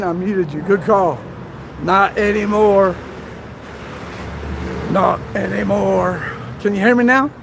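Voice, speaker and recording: A man's voice: sits high, vocal fry. Baltimore-accented man, live streamer, chatty and laughing, noisy city street at night. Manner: chatty, laughs often, talks to viewers. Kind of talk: casual live stream chat. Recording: noisy street and traffic sound.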